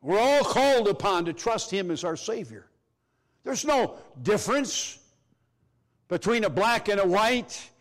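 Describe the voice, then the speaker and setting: A middle-aged man preaching a sermon, emphatic, swinging from loud declarations to hushed, low phrases. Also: animated, a little slow.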